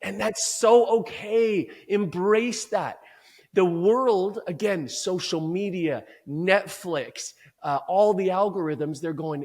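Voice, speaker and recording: A man speaking as a performance coach in an interview, talking in an emphatic, energetic, motivational way. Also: high-pitched, slow.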